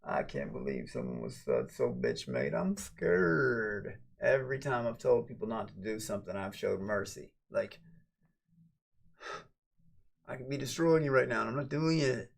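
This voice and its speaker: At a measured pace and with vocal fry, a man rambles and swears through a late-night livestream chat. His volume swings from low mumbles to excited shouts.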